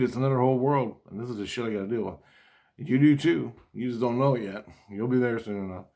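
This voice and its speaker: A man's voice: on the low side, darkish tone. A middle-aged man rambling through a spiritual monologue, cursing casually, restarting his sentences and acting out quoted dialogue. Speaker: vlogger.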